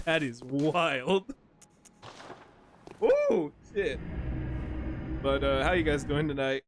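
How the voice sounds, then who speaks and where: A man's voice: fairly high pitch, huge pitch swings, extremely slow, pauses often, background noise. A man in his twenties chatting casually with viewers while playing a game, slangy and rambling, laughing often. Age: 20s. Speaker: streamer. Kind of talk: casual gameplay commentary to chat.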